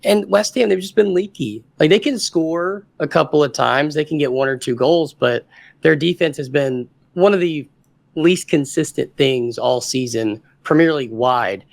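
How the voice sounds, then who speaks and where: A man on a football podcast calls the scores with easy confidence, backing each pick with recent form. His voice is a little higher than most men's and has a gravelly, creaky edge. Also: moderate pace. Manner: confident, makes firm predictions. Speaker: podcast co-host. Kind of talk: casual sports chat.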